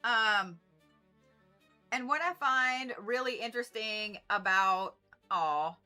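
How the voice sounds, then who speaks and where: Middle-aged woman, livestream astrologer; bright, rambling, swears freely, soft music behind. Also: fairly high pitch, takes it slowly, clear, resonant tone. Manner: chatty, rambling, profane, laughing asides. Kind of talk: casual livestream chat.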